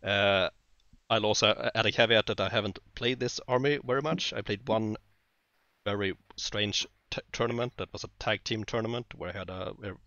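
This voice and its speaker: A Swedish man with a lowish, bright-edged voice, talking haltingly with plenty of "uh" and "um". The recording is dull and lo-fi, with no room sound. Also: fairly even intonation, no echo. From Sweden. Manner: hesitant, many fillers, laughs easily. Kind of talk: casual chat.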